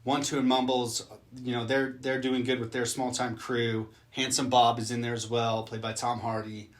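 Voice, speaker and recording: Guy rambling through a movie plot, swears a lot, super casual, mid pitch. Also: flat delivery, moderate pace. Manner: loose, profane, rambling. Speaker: movie reaction host. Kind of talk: casual film recap and reaction.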